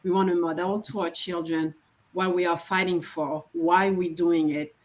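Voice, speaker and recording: A woman's voice: lowish voice, flat delivery, moderate pace. A woman who speaks English as a second language, sharing her thoughts earnestly on a video call, often repeating words as she goes. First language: not English. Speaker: summit participant, parent. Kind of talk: casual online panel chat.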